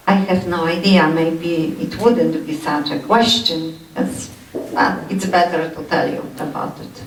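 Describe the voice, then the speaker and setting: Halting woman lecturing in an echoey hall. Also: lowish voice, steady tone, recorded from a distance, slight background noise. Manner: halting, many fillers and repeated "yes". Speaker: anatomy lecturer. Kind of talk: university lecture.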